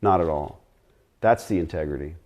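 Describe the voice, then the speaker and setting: A man's voice: rumbling low, moderate pace, a little mellow. A middle-aged man chatting bluntly and ramblingly as a guest on a live stream Q&A.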